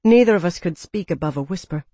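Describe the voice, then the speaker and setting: Audiobook narrator, woman, low pitch, dry close studio sound, measured reading. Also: animated, warm tone, no echo. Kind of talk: scripted narration.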